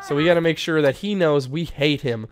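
A young man giving playful, excitable commentary while playing a life-sim game, laughing often. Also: on the high side, fairly quick. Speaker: gaming YouTuber. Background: faint game music.

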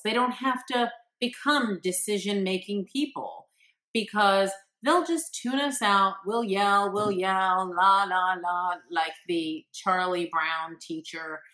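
Speaking straight to camera, a woman parenting coach offers parents earnest, encouraging advice, acting out the quotes she gives. Her voice is medium in pitch and a bit bright, and her pace is measured.

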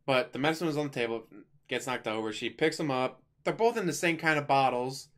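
A man's voice: medium pitch, sing-song, normal speed, fairly bright tone. A man giving a casual spoken movie review, chatty and rambling, with offhand jokes as he retells the plot.

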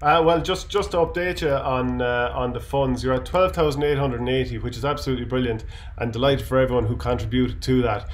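Fast-talking Irish host. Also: male voice, medium pitch. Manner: friendly, brisk host wrap-up. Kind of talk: casual interview.

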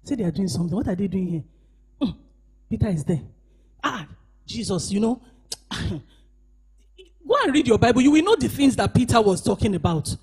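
With a husky mid-range voice and lively intonation, a woman pastor preaches at normal speed, pausing often. Her sermon swings between shouted emphasis and hushed asides as she calls for the congregation to respond.

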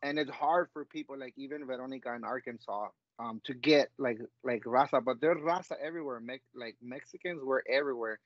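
A man co-hosts a podcast in a loose, rambling way and drops in Spanish words. His voice is mid-pitched. The sound is dry and muffled, like a lo-fi recording. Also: brisk, hardly any pauses, no echo. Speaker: podcast co-host. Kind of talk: casual chat.

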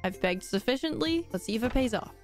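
A woman giving casual, excitable and self-mocking commentary while playing a farming game. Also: on the high side, brisk, soft background music. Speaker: let's play gamer.

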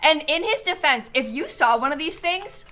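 High, lively, giggly woman streamer. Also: normal speed. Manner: giggly and animated, breaks into laughter. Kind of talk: casual chat on a live stream.

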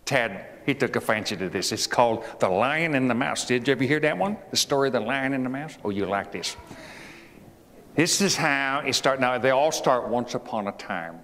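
A man's voice: mid-range voice, animated, normal speed, fairly bright tone. A man performing a folksy 19th-century storyteller, reading a fable aloud with homespun asides and questions to his listeners, in an echoey hall. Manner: homespun, digressive, asks the audience questions. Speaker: historical reenactor as a 19th-century president. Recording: echoey hall with faint ambient noise.

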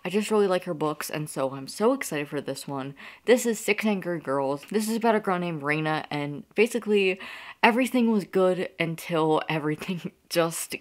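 A woman from Pennsylvania gushing excitedly in a casual book haul vlog, laughing often as she talks. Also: lowish voice, normal speed. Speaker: book vlogger.

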